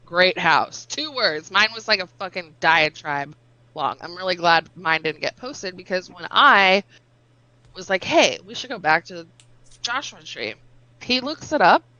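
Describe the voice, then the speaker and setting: A woman telling animated stories in casual chat with friends, swearing and laughing as she goes. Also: lowish voice, unhurried, no echo, lo-fi sound. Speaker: storyteller among friends.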